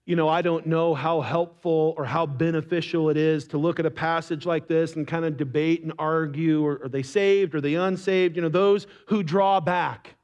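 A man preaching a sermon, animated, acting out the words of biblical figures. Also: moderate pace, few pauses, highs cut off. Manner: animated, acts out biblical speakers with rising pitch. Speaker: pastor.

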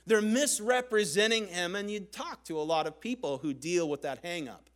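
A man giving a sermon as a pastor, earnest and conversational, with dramatic pauses. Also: high-pitched, lively intonation.

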